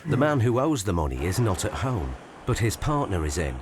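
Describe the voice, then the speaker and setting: A man narrating a documentary in a scripted, measured and expressive way. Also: on the low side, noisy background. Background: background music.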